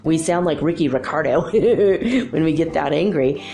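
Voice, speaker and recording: Lady talking spirituality, chatty and laughy, deep and a bit croaky. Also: expressive, a little slow, warm tone, slight background noise. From United States. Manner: chatty, rambling storyteller, laughs often. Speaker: spiritual podcast host. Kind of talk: casual spiritual talk.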